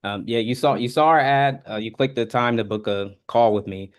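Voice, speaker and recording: A man's voice: mid-range voice, moderate pace. A man practicing a sales opener on a video call, hesitant and often starting over. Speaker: sales trainee.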